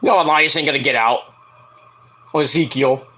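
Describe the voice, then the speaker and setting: A man casually reviewing a wrestling show, animated, laughing often and swearing freely as he mocks what he watched. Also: on the high side, fairly quick. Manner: animated, laughing often, profane, playfully mocking. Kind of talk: casual reaction commentary.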